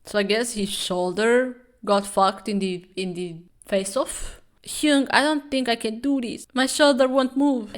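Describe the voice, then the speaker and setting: A woman's voice: lowish voice, fairly bright tone. A woman hosting a sarcastic, profane comic recap, sounding incredulous. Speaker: webtoon commentary host.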